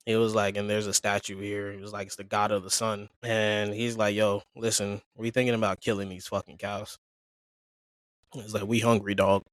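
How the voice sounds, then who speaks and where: Man retelling a story, slangy and animated. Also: fairly low pitch, moderate pace, no room sound. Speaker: podcast co-host. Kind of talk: casual chat, retelling a story.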